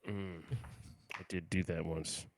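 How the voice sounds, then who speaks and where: A man co-hosting a comedy podcast over a remote call, mock-aggressive and crude, swinging from low mumbles to loud hype greetings. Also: flat delivery, slow pace, heavy background noise. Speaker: podcast co-host. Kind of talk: casual comedic banter.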